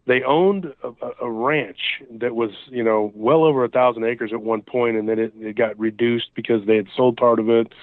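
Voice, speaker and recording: A man's voice: mid-range voice, no echo. A man guest telling encounter stories in casual, rambling speech full of restarts and fillers, heard through a phone call. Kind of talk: casual storytelling over the phone. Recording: tinny dry phone line.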